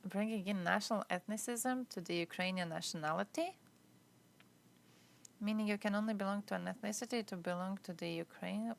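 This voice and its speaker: A woman's voice: medium pitch, brisk, gravelly, slight background noise. Sweary, blunt woman streamer. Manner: blunt, sweary, exasperated ranting. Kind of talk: live-stream commentary.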